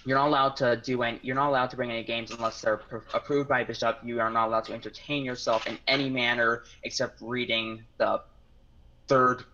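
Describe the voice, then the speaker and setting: Bright, halting man on a lo-fi call. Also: medium pitch, flat delivery, slight background noise. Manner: self-conscious, a little halting. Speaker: podcast guest. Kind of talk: casual chat over an online call. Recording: lo-fi online call audio.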